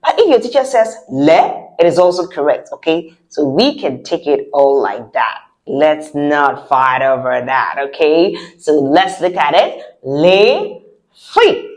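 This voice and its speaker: A woman teaching French vocabulary, saying each word slowly and lifting her voice on the articles. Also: very animated. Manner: slow drawn-out model words with high lifted articles. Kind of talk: repeat-after-me vocabulary lesson.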